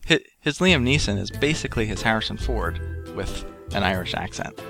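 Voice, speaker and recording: A man co-hosting a podcast in casual chat, enthusiastic and quick to laugh. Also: lowish voice, lively intonation, creaky, music in the background. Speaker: podcast co-host.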